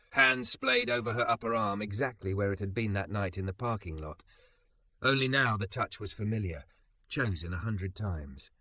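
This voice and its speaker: A man reading a romance story aloud in soft, lingering scripted narration. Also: on the low side, no echo.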